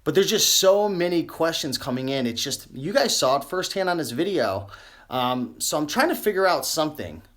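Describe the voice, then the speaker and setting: A man's voice: on the high side, sing-song, normal speed, a bit bright. A young adult man chatting casually on a live stream about reselling clothes, rambling with many fillers and restarts, his voice starting to wear out. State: losing his voice. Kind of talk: live-stream tips chat.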